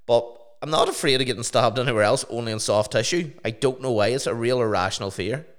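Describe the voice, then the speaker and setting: A young man telling stories and swearing casually on a podcast. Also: quick pace. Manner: swears freely, storytelling in a low mumble. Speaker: podcast co-host, DJ.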